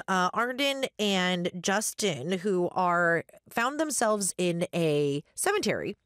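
A woman's voice: fairly low pitch, dry recording, studio quality. A woman hosting a radio show, chatting casually and reading listener messages with many fillers. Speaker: radio host.

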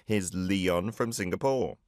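A man hosting a Korean language show, playing listener clips and gently correcting their pronunciation. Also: low-pitched, dry recording, clean studio sound. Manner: encouraging, explains pronunciation slowly. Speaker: host of a Korean learning show. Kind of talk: friendly radio-style language lesson chat.

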